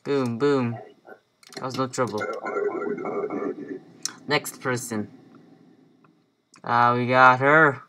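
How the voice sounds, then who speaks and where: A man's voice: mid-range voice, fairly even intonation, drawn-out words, pauses often, background noise. A young man giving casual gameplay commentary, muttering to himself as he plays and sounding playfully bossy. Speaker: let's play gamer.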